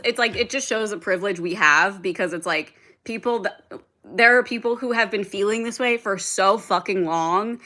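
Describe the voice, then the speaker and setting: A young woman chats on a livestream in a bright, sharp voice. She rambles loosely, leans on "like" constantly and swears freely as she answers comments from her viewers. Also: medium pitch, moderate pace. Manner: rambling, heavy filler "like", frequent swearing, reads and answers chat. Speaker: livestream host. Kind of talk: casual livestream chat.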